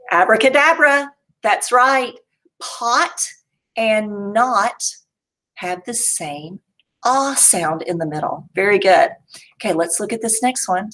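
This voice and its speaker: A woman teacher leading a young children's phonics lesson, sounding out words slowly and playfully. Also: fairly low pitch, a bit bright. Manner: slow, exaggerated sounding-out with playful reveals. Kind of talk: early-grade phonics lesson.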